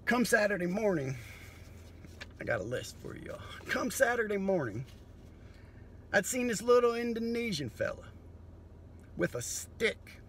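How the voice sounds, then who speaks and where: A man doing a profane, sardonic comedy monologue that breaks into sudden loud bursts. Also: high voice, very animated, measured pace, pauses often, a little hiss or hum.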